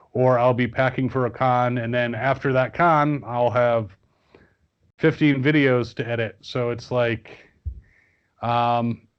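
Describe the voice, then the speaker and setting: A man's voice: medium pitch, clear, resonant tone. Rambling man on a dull lo-fi recording. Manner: rambling, many fillers and restarts. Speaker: guest toy reviewer. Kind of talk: casual podcast chat.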